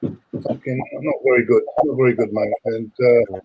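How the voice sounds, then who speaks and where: A man's voice: mid-range voice, steady tone, normal speed, breathy edge, dull audio. A man co-hosting a casual live stream, blunt and rambling, with some swearing. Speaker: co-host.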